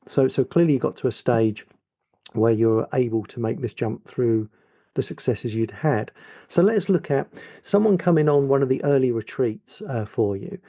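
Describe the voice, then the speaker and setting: Gravelly, husky podcast host. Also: male voice, mid-range voice, dark tone. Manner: thoughtful, measured questioning. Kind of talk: podcast interview.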